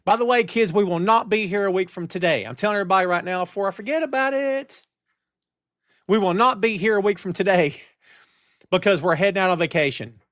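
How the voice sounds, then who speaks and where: Middle-aged guy ranting on his wrestling stream, highish voice, dry close mic. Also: fairly quick, dry recording. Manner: animated, ranting, reads chat comments aloud. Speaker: podcast host. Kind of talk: live-stream wrestling talk show. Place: home studio on camera. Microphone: headphones and studio mic.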